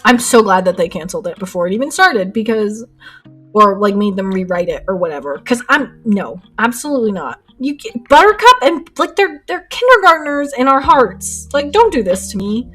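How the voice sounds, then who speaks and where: A young woman streaming her painting and chatting with viewers in an excitable, rambling way, laughing often. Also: fairly high pitch, moderate pace. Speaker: art streamer. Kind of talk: casual chat while painting live. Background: faint lo-fi music.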